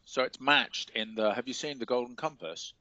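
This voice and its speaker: A man's voice: medium pitch, moderate pace, pushed and bright, dry recording, lo-fi sound. A man with an English accent teaching a literature class, explaining in a hesitant way with many fillers. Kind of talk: classroom lecture and discussion.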